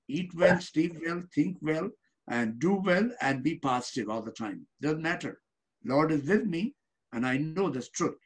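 Yogi guest, husky man, lively pitch swings, uplifting preachy manner, simple broken English. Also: a little slow. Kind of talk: casual interview talk.

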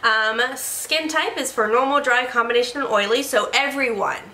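A woman's voice: a little high, moderate pace, sharp tone. A woman chatting casually as she reviews products, playful and joking, often correcting herself. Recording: echoey room.

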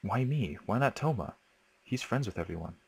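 A man voicing a confused teenage schoolgirl heroine in a horror game, speaking softly with a puzzled, questioning tone. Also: on the low side, animated, normal speed, creaky, husky, heavily acted.

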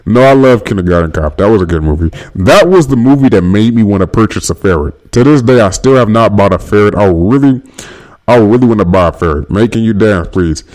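A man's voice: animated, fairly quick, darkish tone. A man hosting a livestream from his phone, reading viewer comments and joking around in casual banter. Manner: playful, loose banter with rises in pitch. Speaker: livestream host.

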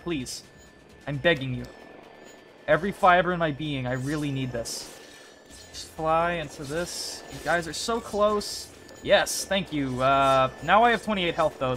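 A man's voice: fairly high pitch, measured pace, fairly bright tone, faint music behind. A young man giving casual gameplay commentary, talking to himself and to the characters on screen, begging, cursing and celebrating. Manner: talks to himself and game characters, pleading and swearing. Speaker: gaming YouTuber.

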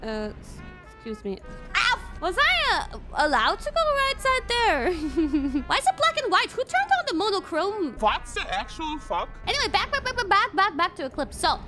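A young woman from Europe streaming a driving game, excitable and swearing often, breaking into shouts. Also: extremely high pitch, normal speed. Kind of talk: live gameplay commentary. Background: game music.

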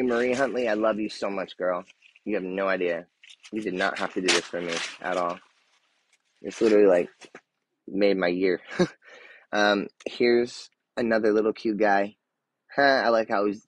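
A man in his thirties with a deep, gravelly, husky voice gushes excitedly on a casual live stream, full of fillers and restarts and occasionally dropping to a soft murmur. The recording is rough, with no room sound.

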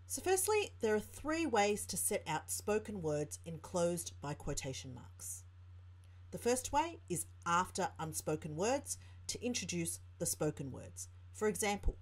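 Lively-voiced woman tutor explaining punctuation. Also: fairly low pitch, measured pace. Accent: Australian. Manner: clear explaining, reads example sentences aloud. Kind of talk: teaching lesson narration.

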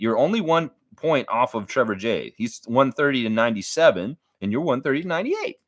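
A man's voice: fairly low pitch, no room sound, studio quality. A man hosting a casual fan livestream, reading viewer comments aloud and joking, slipping into silly voices now and then. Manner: animated, jokey, puts on voices mid-sentence.

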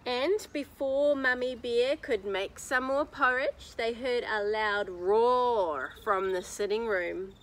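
A woman reading a picture book aloud to children outdoors in a garden, telling it with animated expression. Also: a little high, takes it slowly, hardly any pauses, slight background noise. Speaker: children's story reader.

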